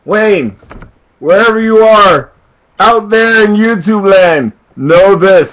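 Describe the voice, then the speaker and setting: A man's voice: high voice, slow pace, muffled recording. A man telling a casual story to his camera, laughing often and acting out what people said. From Jamaican heritage. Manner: animated storytelling, laughs often, acts out quotes.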